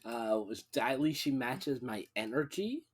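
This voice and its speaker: A man's voice: mid-range voice, expressive, normal speed, breathy edge. A man co-hosting a podcast, chatting casually in a laid-back, playful, joking way. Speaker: podcast co-host. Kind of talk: casual chat.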